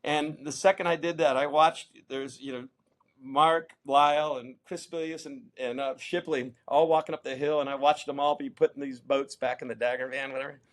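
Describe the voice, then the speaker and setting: A middle-aged American man telling stories in a casual interview, animated and acting out quoted voices. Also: medium pitch, moderate pace. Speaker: interview guest, champion kayaker.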